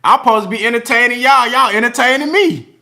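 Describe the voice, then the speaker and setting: A man's voice: very high voice, fast, sharp tone. A man hosting a casual boxing livestream, reading super chats with slangy, laughing banter.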